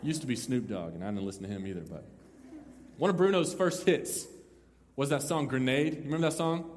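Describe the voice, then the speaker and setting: A young man preaching to a roomful of listeners, swinging between loud, slow emphasis and quiet joking asides. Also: medium pitch, lively intonation. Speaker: pastor. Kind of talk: sermon. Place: large room with an audience. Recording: long hall reverb.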